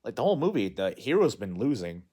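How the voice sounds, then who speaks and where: A man's voice: mid-range voice, sing-song, quick pace, dark tone, husky. A man casually recapping a movie in a rambling, unscripted way, full of fillers and restarts. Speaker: movie vlogger.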